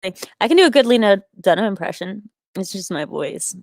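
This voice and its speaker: A woman's voice: mid-range voice, big pitch swings, normal speed, creaky, a little mellow, no room sound, studio quality. A woman hosting a livestream from a small attic, rambling casually with self-mocking humor and upspeak as she reads chat. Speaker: livestream host reading chat. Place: small attic in an old house.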